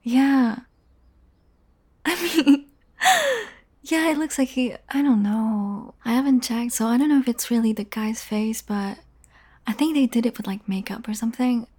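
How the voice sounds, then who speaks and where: A woman's voice: on the high side, unhurried, dark tone. A young woman in a casual audio role-play, talking straight to the listener, teasing and swearing freely and often dropping into a whisper.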